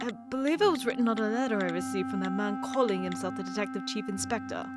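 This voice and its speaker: A woman's voice: mid-range voice, fast talker, loud music behind the voice, close to an everyday voice. A woman voicing a polite young male assistant with a put-on British accent.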